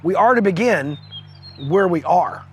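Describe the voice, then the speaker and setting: A man's voice: high-pitched, expressive, measured pace, slight background noise. A man hosting a fathering video series, giving an earnest, casual devotional talk with chuckles and quoted scripture, recorded outdoors on location.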